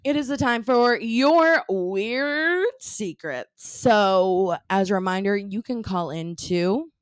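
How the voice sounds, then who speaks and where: A young woman co-hosting a podcast, chatting casually with lots of fillers and a bouncy, animated delivery. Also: takes it slowly, clear, resonant tone, dry recording. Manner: chatty, lots of fillers, bubbly swings in pitch. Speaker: podcast co-host. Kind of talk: casual chat.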